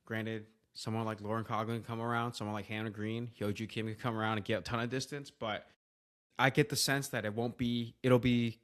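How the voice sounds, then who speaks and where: A man's voice: lowish voice, little pitch movement, a little fast, fairly bright tone. Thoughtful rambling male co-host. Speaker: podcast co-host. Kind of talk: casual podcast chat.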